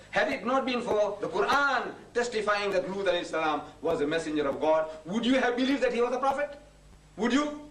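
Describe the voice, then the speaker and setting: A man's voice: sits high, a bit bright. A man giving a religious lecture, pressing the audience with emphatic rhetorical questions. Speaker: Islamic preacher. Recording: echoey room from a distance, faint ambience.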